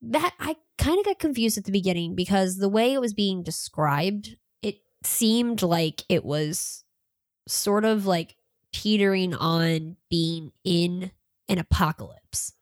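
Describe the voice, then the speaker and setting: A woman's voice: medium pitch, measured pace, no echo, clean studio sound. A woman in a casual book review chat, rambling and filling her talk with "like". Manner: rambling, many fillers.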